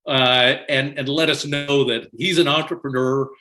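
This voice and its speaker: An older man, a podcast guest, telling stories in an animated way and laughing often as he talks. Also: mid-range voice, moderate pace. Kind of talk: conversational storytelling.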